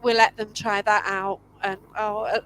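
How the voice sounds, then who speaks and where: A woman's voice: mid-range voice, little pitch movement, normal speed, a bit bright, low-quality recording. A Scottish woman who hosts paranormal events, chatting casually and hesitantly over a video call with many fillers. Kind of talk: casual chat. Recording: faint background noise.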